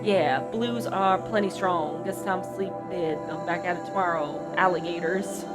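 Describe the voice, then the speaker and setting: A woman's voice: on the low side, normal speed, loud music behind the voice, close to an everyday voice. A woman reading a drowsy male engineer's audio log in a folksy drawl. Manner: folksy drawl, slangy grammar.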